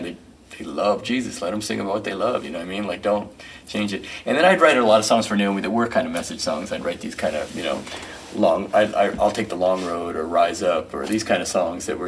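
A middle-aged man with a lowish voice rattles off rambling stories quickly, filling the gaps with casual fillers. He sits a little way back from the mic, and a faint hiss runs underneath. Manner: rambling, filler-heavy, animated storyteller. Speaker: musician and record producer, guest. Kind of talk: casual storytelling interview. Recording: distant mic with faint noise.

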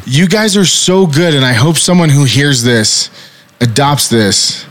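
A man's voice: on the high side, unhurried, fairly bright tone. A man hosting a casual podcast conversation as a company founder, talking intensely, swearing often and firing repeated rhetorical questions.

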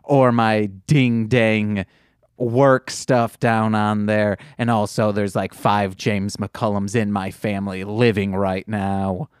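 A man co-hosting a casual podcast, joking in a wry, deadpan way. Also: on the low side, slow pace, clean tone, no echo, studio quality. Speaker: podcast co-host. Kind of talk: casual chat.

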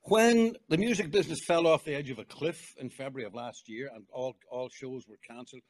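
A man's voice: medium pitch, fairly quick. An older man, a guest songwriter chatting in an interview and telling stories. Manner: chatty, storytelling, warm exclamations. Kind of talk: casual interview chat.

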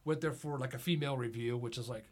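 A man's voice: medium pitch, fast talker. A middle-aged man, a podcast guest, telling casual anecdotes, swearing freely and laughing often. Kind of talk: casual chat, storytelling.

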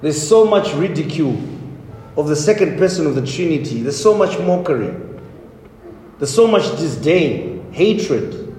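A man's voice: fairly high pitch, expressive, unhurried, darkish tone, slight background noise. A man preaching a sermon as pastor, with emphatic, repetitive declarations. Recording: echoey hall, faint ambience.

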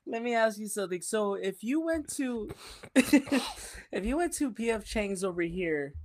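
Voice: medium pitch, expressive, measured pace, no room sound. A podcast co-host in casual chat, laughing often and asking teasing questions.

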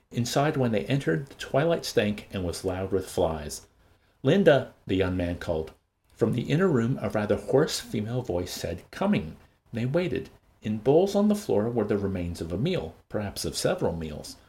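A man hosting a show and reading a novel aloud in an expressive, varied voice. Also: fairly low pitch.

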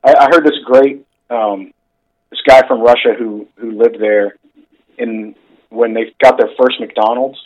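A man's voice: mid-range voice, steady tone, a little slow, darkish tone, poor audio. A man co-hosting a casual chat show, talking in a rambling way with lots of fillers. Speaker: podcast co-host.

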